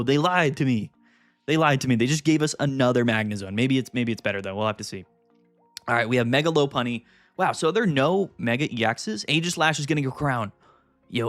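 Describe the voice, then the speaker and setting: Excitable man hosting a live stream. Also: medium pitch, dry recording. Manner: excitable, thinks aloud, frequent fillers, jumps between topics. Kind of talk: casual live-stream commentary.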